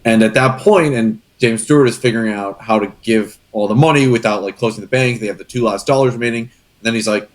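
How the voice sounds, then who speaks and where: A man's voice: mid-range voice, steady tone, fairly quick. A young man chatting casually on a podcast, earnest and rambling, getting emotional as he talks. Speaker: guest co-host.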